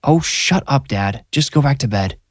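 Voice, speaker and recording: A man voicing a protective mother who soothes her son gently and snaps at her father. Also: on the low side, normal speed, no echo, studio quality, natural voice. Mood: snappish. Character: protective, sharp-tongued mother.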